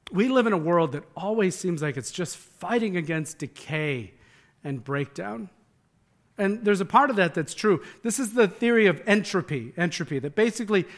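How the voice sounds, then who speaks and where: A pastor with a notably high voice for a man delivers a conversational sermon. He speaks earnestly and with emphasis, doubling back on words as he reaches for the next phrase. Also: fairly bright tone.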